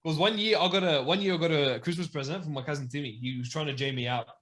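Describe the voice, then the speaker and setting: A young man in his twenties with an Australian accent, co-hosting a casual chat with excitable, enthusiastic reactions. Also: fairly high pitch, fast talker. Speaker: podcast co-host.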